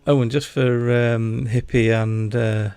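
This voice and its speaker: A man's voice: medium pitch, little pitch movement, slow pace, darkish tone, clear, resonant tone, no echo. A man with a Yorkshire accent, hosting a casual gaming livestream, chatty and jokey, rambling as he talks to his chat. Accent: Yorkshire English. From Yorkshire, England. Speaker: livestream host.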